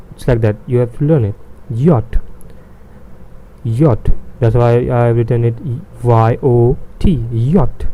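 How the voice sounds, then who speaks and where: A male teacher walks beginners through pronunciation, saying each sound two or three times. He talks very slowly with many pauses and fillers. His voice is dark and mellow. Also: mid-range voice, a little hiss or hum, poor audio. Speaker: language teacher. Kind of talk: beginner language lesson.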